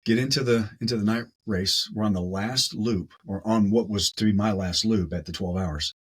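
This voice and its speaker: A man with a low, husky voice, a guest on a podcast telling a story. He talks casually and with animation, doubling up words as he goes. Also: normal speed, low-quality recording.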